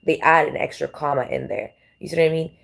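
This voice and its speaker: A woman's voice: low-pitched, fast talker, creaky. A woman hosting a livestream, talking in a loose, circling way, repeating her questions and filling gaps with "like" and "right". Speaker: livestream host. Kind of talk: rambling livestream monologue.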